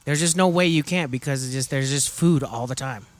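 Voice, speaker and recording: Man telling a relaxed story. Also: mid-range voice, a little fast. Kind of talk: casual podcast chat.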